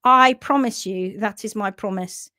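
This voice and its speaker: A woman's voice: mid-range voice, a little slow, no room sound, clean studio sound. A British woman hosting a live stream for horse owners, talking earnestly and reading out viewer comments. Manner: earnest and animated, with sudden whispers and laughs.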